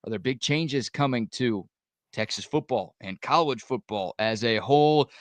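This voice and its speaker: A man hosting a sports radio show, briskly running down the day's topics and then chatting casually with his co-host. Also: medium pitch, dry recording. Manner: brisk, upbeat show rundown. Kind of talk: show opening and casual chat.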